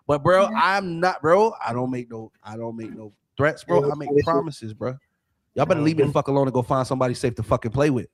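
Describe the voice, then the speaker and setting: A man from Florida, a podcast co-host, telling a story in casual chat, swearing freely and animated, often asking "you know what I'm saying". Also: mid-range voice, brisk.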